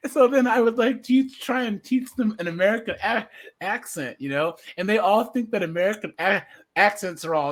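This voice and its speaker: A man hosting a casual livestream commentary, chatty and laughing often, jumping into high mimicking voices. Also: expressive, moderate pace.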